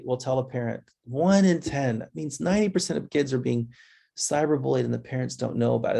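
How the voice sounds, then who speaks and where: A man's voice: creaky, a little mellow. A man presenting a webinar, talking in a conversational, restless way and addressing listeners directly as guys. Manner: conversational, restless, quick changes of pitch when imitating kids.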